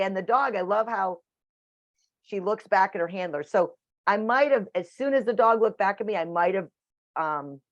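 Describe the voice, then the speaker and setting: A woman's voice: medium pitch, dry recording. A woman teaching a dog training class over a video call, chatty and matter-of-fact. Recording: dull dry video call audio.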